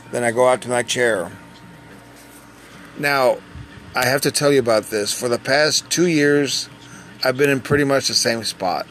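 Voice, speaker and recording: A man telling a personal story in a casual, conversational way, pausing and restarting as he goes. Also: medium pitch. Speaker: dialysis patient.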